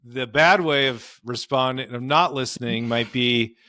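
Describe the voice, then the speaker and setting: A man's voice: medium pitch, a little slow, pushed and bright, dry recording, studio quality. A man, a marriage and family therapist, explaining in earnest conversational interview advice with frequent fillers. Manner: earnest, explanatory, many "you know" fillers.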